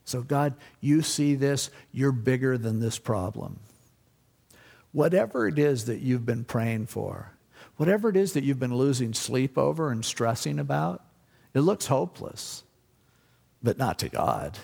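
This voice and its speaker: A pastor preaching a casual, conversational sermon, explaining scripture and acting out the people in the story. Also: male voice, mid-range voice, animated, measured pace, vocal fry, darkish tone, husky, long reverb tail.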